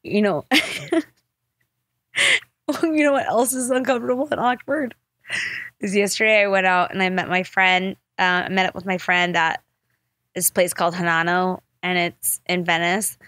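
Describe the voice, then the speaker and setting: A woman hosting a podcast, telling stories in a casual, animated way, full of "like" fillers and swearing. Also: on the low side, moderate pace, pauses often, no room sound, clean studio sound. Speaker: podcast host. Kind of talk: casual storytelling chat.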